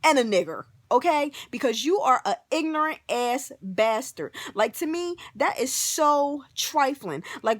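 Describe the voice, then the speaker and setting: Woman vlogger, high voice, dry close sound; fiery profane rant to camera. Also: dry recording. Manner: animated, emphatic, profane, keeps saying "like". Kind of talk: ranting to camera.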